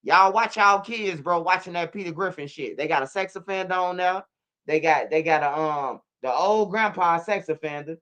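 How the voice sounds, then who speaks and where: Bright, smooth-voiced man telling stories. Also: high voice, moderate pace. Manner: animated storytelling, street slang and profanity, frequent restarts. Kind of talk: casual interview chat.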